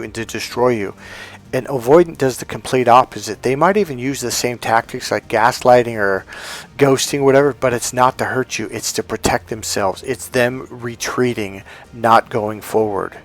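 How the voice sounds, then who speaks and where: Profane man telling a story, music underneath. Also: medium pitch. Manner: profane, animated, acts out quoted voices. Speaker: dating coach. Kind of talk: casual storytelling monologue.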